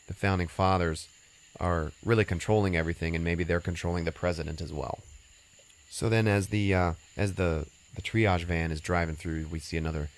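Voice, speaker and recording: Deep-voiced man rambling through a movie recap. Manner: rambling, filler-heavy and profane. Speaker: podcast host recapping a film. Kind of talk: casual movie recap chat.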